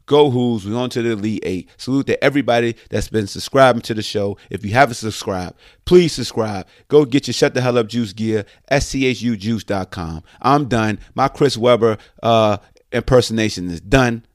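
Animated slangy man hosting a podcast. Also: medium pitch, moderate pace, no echo, clean studio sound. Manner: animated, slangy, swings loud and soft. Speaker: podcast host. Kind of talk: casual sports podcast monologue.

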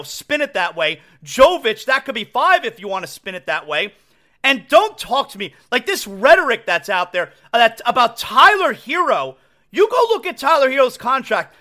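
Male sports podcast host, high and lively voice, emphatic opinionated monologue with restarts. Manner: emphatic, rambling with restarts and asides.

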